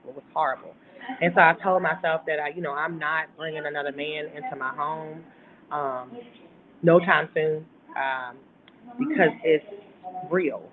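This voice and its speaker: A woman's voice: low voice, steady tone, normal speed, crowd noise. A woman giving an earnest, emphatic personal account as a guest in a talk interview, speaking over a phone call. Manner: earnest and emphatic, retelling events at length. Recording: tinny phone line with faint hiss.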